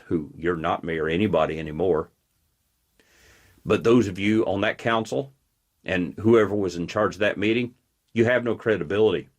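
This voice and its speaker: A man with a lowish voice delivers a combative commentary monologue. He is blunt and provocative, and he lands his points plainly and slowly. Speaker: host.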